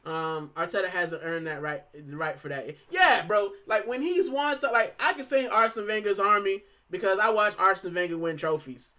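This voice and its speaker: A man's voice: high-pitched, moderate pace, hardly any pauses, sharp tone. A man from Puerto Rico hosting a football fan channel, talking casually and with animation, full of fillers and "bro". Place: lives in the UK.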